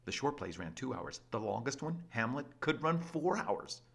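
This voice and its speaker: A man presenting an energetic scripted explainer with a lively, playful and emphatic delivery. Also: medium pitch, normal speed, vocal fry, husky. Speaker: educational presenter.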